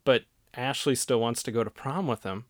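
Very low-voiced woman podcast host, dry sound. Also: moderate pace, dry recording. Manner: laid-back, agreeable retelling. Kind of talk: casual movie-review chat.

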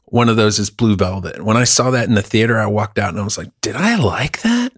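A man's voice: fairly low pitch, sing-song, fairly quick, husky, dry recording, clean studio sound. A man in casual chat, ranting about movies with heavy profanity.

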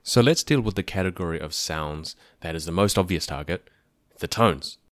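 A man hosting a podcast, explaining a language in a clear, methodical way with dry asides. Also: sits low, moderate pace, a bit bright, no echo. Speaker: podcast host teaching about a language.

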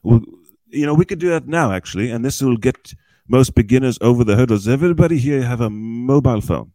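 This podcast guest talks briskly and animatedly in a medium-pitched, dark-toned voice, recorded dry. In a small-group setting, he breaks down cryptocurrency in a chatty, folksy manner, frequently tossing in "okay?".

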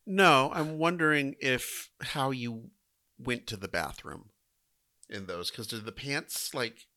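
A man's voice: medium pitch, slow, pushed and bright. A man co-hosting a podcast, musing in casual chat, hesitant and trailing off. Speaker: podcast co-host.

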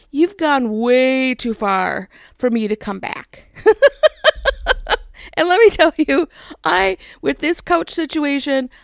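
A woman giving a casual devotional talk, telling a personal story with animated acted-out voices. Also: a little high, gravelly, dry recording, studio quality. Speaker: devotional speaker.

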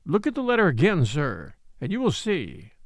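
A man doing an excitable old house steward. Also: on the high side, moderate pace, no room sound, studio quality. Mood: eager. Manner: urgent, pleading.

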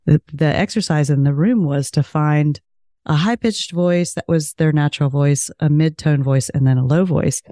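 A woman with a low-toned voice, a podcast guest telling a story in casual conversation. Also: moderate pace, dark tone, no room sound, clean studio sound.

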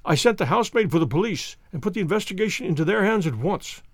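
A man reading a classic story aloud as audiobook narration, in a lively, dramatic manner. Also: high voice, quick pace, no room sound, clean studio sound. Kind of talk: audiobook narration with character voices.

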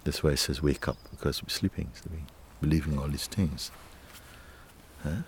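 A male spiritual teacher speaking to a listener in a gentle, playful way, laughing often and using nonstandard English grammar. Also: rumbling low, moderate pace, a little hiss or hum. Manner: gentle, playful, laughs often, repeats "you see" and "huh".

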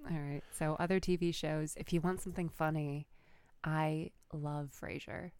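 A woman co-hosts a podcast in a low, gravelly voice, teasing and laughing often. The sound is dry and close, with no room around it. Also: fairly even intonation, moderate pace, a little mellow, dry recording. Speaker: podcast co-host. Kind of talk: casual chat.

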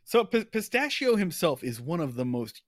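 Animated man ranting about a movie. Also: fairly high pitch, normal speed, no echo, studio quality. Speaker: podcast co-host. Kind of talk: casual movie-review chat.

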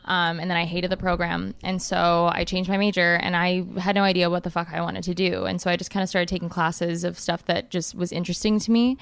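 A woman's voice: fairly low pitch, little pitch movement, brisk, creaky, few pauses, clear, resonant tone, dry recording. A woman of twenty-three telling personal stories as a guest on a podcast, frank and full of swearing. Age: 20s. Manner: candid storytelling with lots of swearing. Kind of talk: casual podcast chat.

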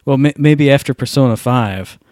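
A man co-hosting a podcast, chatting in a relaxed, joking way. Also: mid-range voice, normal speed, dry recording, studio quality. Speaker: podcast co-host. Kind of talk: casual chat.

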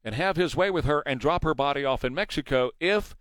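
A man's voice: fairly high pitch, animated, fairly quick, a bit bright, no echo. A man hosting a morning news talk show, talking emphatically and asking rhetorical questions into a studio mic. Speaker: radio talk show host.

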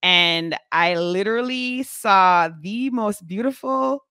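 A woman in her forties telling a story in a casual vlog, chatty and animated, with many fillers. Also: deep voice, a little slow, no room sound, studio quality. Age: 40s.

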